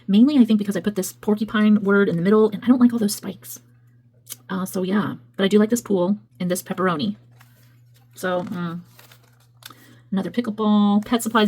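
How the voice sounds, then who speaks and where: On a rough recording, a woman with a mid-range, slightly mellow voice leafs through her craft work for a video. She chats casually, drifts from point to point, and keeps correcting herself.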